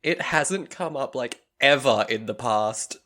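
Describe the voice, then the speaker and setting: A man's voice: mid-range voice, a little slow, pushed and bright. Dry teasing man podcast host. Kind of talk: casual chat.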